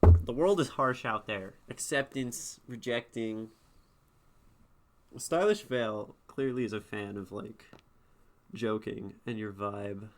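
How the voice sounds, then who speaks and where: On a live stream, a young man reads poems aloud and critiques them, talking in a relaxed way and thinking aloud. His voice is on the low side and slow.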